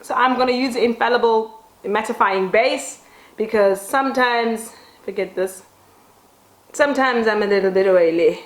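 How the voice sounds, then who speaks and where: A woman who vlogs about beauty tells a dramatic story while doing her makeup at home. She is animated and swears casually. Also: fairly high pitch, moderate pace. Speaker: beauty vlogger. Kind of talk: casual get-ready-with-me storytelling. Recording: roomy echo.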